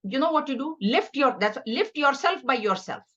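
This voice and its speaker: A woman's voice: sits high, expressive, normal speed, fairly bright tone, muffled recording. Earnest woman teaching a scripture class. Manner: earnest, conversational teaching with stories. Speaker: spiritual teacher.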